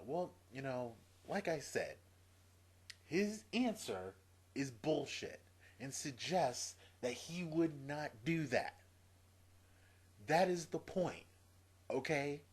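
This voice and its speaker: A man's voice: expressive, slow, pauses often, husky. A man venting to camera in a profane opinion rant, exasperated and repeating his points. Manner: exasperated, profane, repeats himself, swings from low mutter to loud. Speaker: video blogger.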